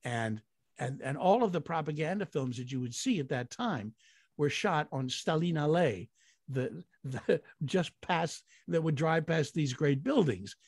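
A man's voice: fairly high pitch, animated, unhurried, darkish tone, slightly rough, no room sound, clean studio sound. An older man, a guest actor, telling long rambling anecdotes in an interview with chuckles along the way. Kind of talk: storytelling in an interview.

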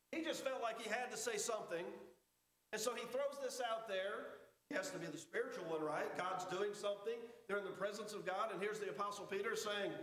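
High-voiced preaching pastor in echoey church. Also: male voice. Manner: preaching with emphatic rises and drops to a hush. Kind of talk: sermon. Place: church sanctuary.

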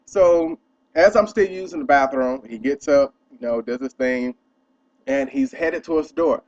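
A young man ranting in a casual vlog, profane and animated as he tells a story. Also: medium pitch, normal speed, dull audio. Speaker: vlogger.

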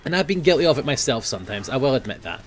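A young man talks over his gameplay in a casual commentary, his pitch rising and falling in lively swings. He swears freely, grumbles at his teammates and flares up quickly. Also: a little hiss or hum. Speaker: gaming video host.

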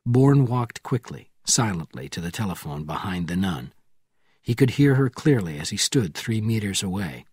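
Husky-voiced man narrating a thriller. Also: lowish voice, big pitch swings, normal speed, a little mellow, no echo, clean studio sound. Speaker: audiobook narrator.

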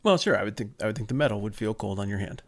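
A man's voice: fairly low pitch, animated, racing. A man co-hosting a podcast, chatting casually with a dry, teasing humor. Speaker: podcast co-host. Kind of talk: casual chat.

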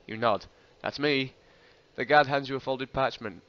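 A man reading an interactive fiction game aloud, expressive and breaking off with laughing asides. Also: mid-range voice, fairly quick. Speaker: host. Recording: dull lo-fi recording.

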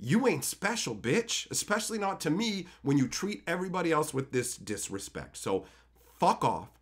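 A man's voice: a little high, big pitch swings, normal speed, slightly rough. A man with a Canadian accent ranting on a live stream, profane and heated as he talks to his viewers.

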